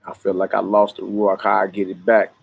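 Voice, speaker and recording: A man teaching scripture in a casual livestream sermon, talking to his viewers in relaxed street slang and greeting them by name. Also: on the low side, a little fast, vocal fry, husky.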